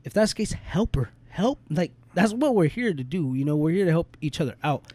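A man's voice: fairly high pitch, very animated, brisk, mellow, no room sound. A young man in casual podcast chat, venting in a heated, profane, slangy way.

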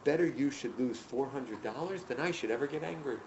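A man voicing a patient, gentle sage who answers calmly and never gets angry. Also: medium pitch, a little fast, reverberant, recorded from a distance, lo-fi sound, background noise, lightly acted. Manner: calm, mild, accommodating.

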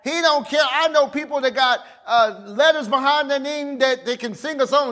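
A fiery male pastor preaching a sermon, his voice pitched very high. He shouts his points and calls on the congregation to answer back. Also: moderate pace. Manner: fiery, calls for audience response, often shouts.

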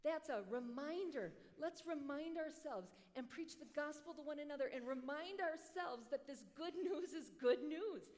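A woman preacher giving a sermon in an animated, conversational way, with joking asides, in a large hall. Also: sits high, moderate pace, hardly any pauses. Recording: long hall reverb.

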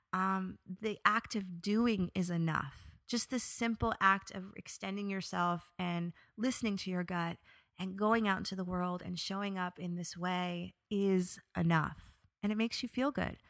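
A young adult woman hosting a podcast, telling a personal story in an expressive, animated way and then turning reflective. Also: medium pitch, no echo. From New York area. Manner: expressive, animated when quoting herself, reflective. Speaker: podcast host.

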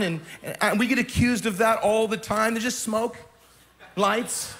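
Middle-aged male pastor with a high voice; emphatic, passionate preacher who stumbles over repeated words and shouts at the peaks. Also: fairly even intonation, a little slow, a little hiss or hum. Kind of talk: sermon.

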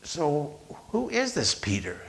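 Lively, storytelling male preacher. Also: a little high, gravelly. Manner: storytelling, voicing quotes with slow emphatic pauses. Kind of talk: sermon.

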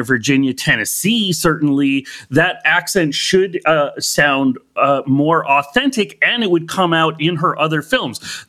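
Bright-voiced man arguing casually. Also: fairly high pitch. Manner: hedging, argumentative, many "like" fillers. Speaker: podcast co-host. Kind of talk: casual debate.

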